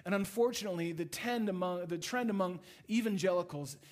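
A man preaching a sermon, moving between animated passages and hushed, intimate ones. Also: sits high, a little fast. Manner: dynamic preaching, swings from loud to hushed. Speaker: pastor.

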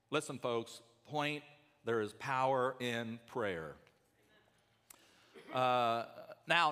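Earnest pastor preaching in a reverberant hall. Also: male voice, medium pitch, a bit bright. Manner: conversational, earnest preaching with fillers and asides. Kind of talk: sermon.

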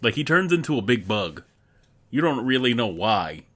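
A man's voice: medium pitch, very animated, normal speed, fairly bright tone. A young man in casual chat, blunt and swearing often.

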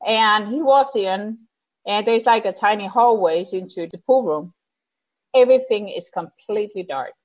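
A woman casually telling a personal story out loud, animated, laughing often and acting out the lines she quotes. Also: medium pitch, moderate pace, low-quality recording. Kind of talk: casual spoken anecdote.

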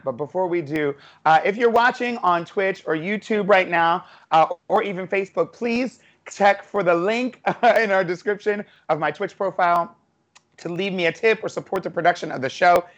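A woman hosting a casual streamed chat over a video call, talking in an animated way and laughing often. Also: fairly low pitch, moderate pace. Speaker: host.

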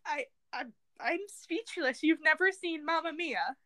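A young woman co-hosting a podcast in casual chat, animated and playfully indignant. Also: high-pitched, measured pace. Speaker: podcast co-host.

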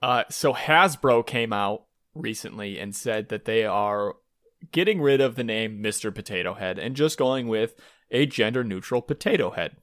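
A man's voice: lowish voice, animated, a bit bright. A man with a Michigan accent co-hosting a podcast in casual chat, talking with feeling and many stops and restarts. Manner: emotional, halting, many restarts. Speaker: podcast co-host.

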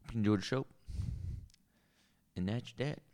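A man's voice: lowish voice, normal speed, a little mellow, no room sound, natural voice. A man doing a crude rambling Southern barkeep. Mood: announcing, gruff. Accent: put-on Southern US. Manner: crude, rambling, swears a lot. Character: crude rambling male Southern bar owner. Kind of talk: improvised character comedy.

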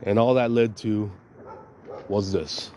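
A man's voice: on the low side, fairly even intonation, takes it slowly, very noisy. A man hosting a podcast, talking casually in a rambling, profane and emphatic way. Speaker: podcast host.

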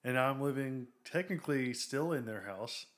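Young male co-host, relaxed joker, mid-pitched, short casual lines. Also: moderate pace. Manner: laid-back, joking, short remarks. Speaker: podcast co-host. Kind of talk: casual chat.

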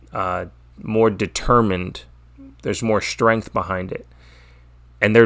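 A man's voice: on the low side, a bit bright. Opinionated, profane podcast host man. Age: adult, father. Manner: opinionated, profane, rambling with restarts. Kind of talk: casual solo wrestling preview.

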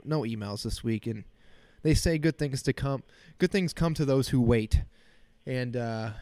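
A man in his thirties rambles through a solo podcast in a joking, self-mocking way, with a slight sniffle. His voice sits at an ordinary middle pitch. The sound is close and dry, with no room echo. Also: a little mellow. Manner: joking, self-deprecating, rambling with crude humor. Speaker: podcast host. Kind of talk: casual solo podcast rant. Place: small cold home office.

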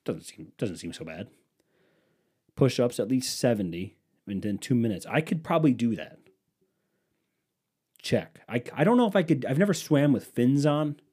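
A young man hosting a solo podcast. He rambles casually, swears freely, and pokes fun at himself. His voice has a mellow, darker tone, and his pitch swings widely as he talks. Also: very animated, normal speed, pauses often, husky. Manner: rambling, profane, self-mocking. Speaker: podcast host.

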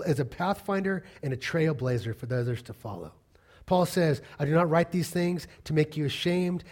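A middle-aged man preaching a sermon, animated and acting out the voices of the people he quotes. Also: fairly high pitch. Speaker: pastor.

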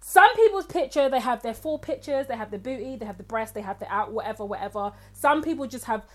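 A woman casually telling a long story on a podcast, animated and rambling, with many restarts. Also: on the high side, quick pace. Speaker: podcast co-host.

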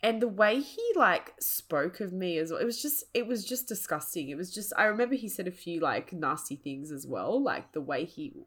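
A woman's voice: on the low side, expressive, normal speed, few pauses, a bit bright, breathy edge. A woman co-hosting a podcast, animatedly telling a dating story in casual chat, often laughing and filling with "like" and "um". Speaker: podcast co-host.

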